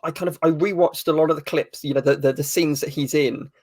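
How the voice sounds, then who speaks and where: A man's voice: a little high, fairly even intonation, quick pace, darkish tone, dry recording. Thoughtful man, dry recording. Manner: thoughtful, hesitant, dry humor. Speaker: author as guest. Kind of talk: casual interview answers.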